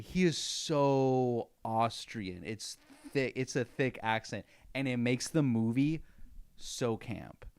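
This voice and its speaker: A man co-hosting a podcast, chatting casually about movies, animated and laughing often as he goes off on tangents. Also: lowish voice, clear, resonant tone, no room sound. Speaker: podcast co-host. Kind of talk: casual film chat.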